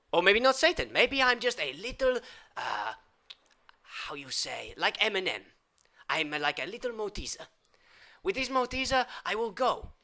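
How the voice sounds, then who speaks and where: High, sharp-voiced man rambling absurdly. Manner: rambling absurd patter, swinging from loud outbursts to whispers. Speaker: improv comedian. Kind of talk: improvised comic monologue.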